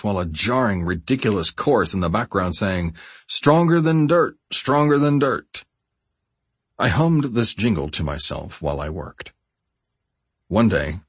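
A man narrating a first-person memoir audiobook in a measured, steady way. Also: deep voice, slightly rough, no room sound.

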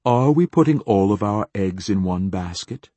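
A man voicing a shrewd older woman who leads a government, speaking in a measured way. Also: low-pitched, big pitch swings, a little mellow, husky, dry recording, heavily acted. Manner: measured, folksy turns of phrase.

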